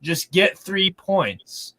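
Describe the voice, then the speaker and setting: A man talking casually about football as a fan on a panel, animated and repeating words as he goes. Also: high-pitched, very slow.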